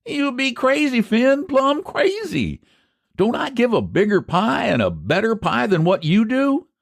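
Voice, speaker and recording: A man's voice: sits high, wildly swooping pitch, moderate pace, vocal fry, husky, no room sound, clean studio sound, pitched above the performer's own voice, exaggerated voice. A man doing a stubborn old country pie seller. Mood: indignant. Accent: rural American dialect. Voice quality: folksy drawl, old-fashioned country grammar. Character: stubborn older rural man pie seller, quick to anger.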